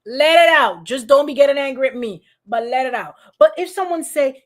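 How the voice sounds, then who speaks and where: A woman's voice: high voice, expressive, a little fast. A middle-aged woman pastor preaching informally, calling on listeners by name and acting out quoted voices. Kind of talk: informal sermon to an online congregation.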